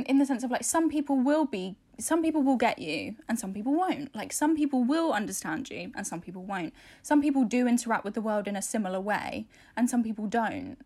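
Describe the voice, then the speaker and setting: Young woman co-host, fairly high voice, chatty and rambling, laughs a lot. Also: a little mellow. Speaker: podcast co-host. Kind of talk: casual chat.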